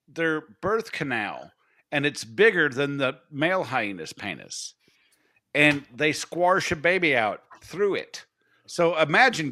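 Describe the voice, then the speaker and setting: Bright-voiced crude podcast host man. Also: on the high side. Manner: crude, blunt humor. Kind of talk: casual podcast chat.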